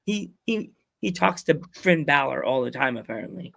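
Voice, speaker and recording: A man chats as a podcast host, wandering from joke to joke. His voice sits a little high and has a gravelly fry to it. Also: expressive, normal speed, a bit bright. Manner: rambling, jokey storytelling. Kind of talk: casual chat.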